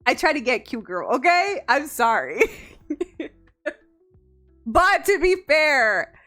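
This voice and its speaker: Playful woman streamer from the US, bright and lively, teasing chat with lots of giggles. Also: high voice, slow, soft background music. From United States. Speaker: VTuber streamer. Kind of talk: casual live-stream chat.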